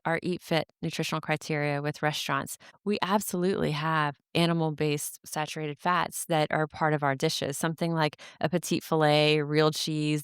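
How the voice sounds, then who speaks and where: A woman hosting a solo podcast, talking through a subject in a measured, step-by-step way with frequent fillers. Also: low voice, smooth, dry recording, clean studio sound. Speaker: podcast host. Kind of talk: solo explanatory podcast talk.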